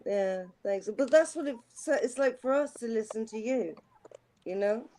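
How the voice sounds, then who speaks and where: British lady, soft and friendly, bit high, sounds muffled. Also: animated, normal speed, slight background noise. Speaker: chat participant. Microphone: muffled new microphone.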